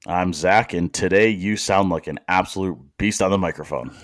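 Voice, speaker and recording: A man with a very low voice co-hosting a podcast, relaxed and thinking out loud. He teases his partner easily. The recording is close and dry. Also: moderate pace, no room sound. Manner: relaxed, teasing, thinks aloud with fillers. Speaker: podcast co-host and coach. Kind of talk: casual chat.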